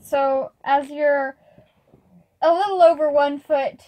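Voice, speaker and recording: A woman with a high voice runs a tabletop game as game master. She narrates casually, pausing often and stumbling over her words as she goes. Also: fairly even intonation, darkish tone, rough recording. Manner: casual, hesitant, filler-heavy narration.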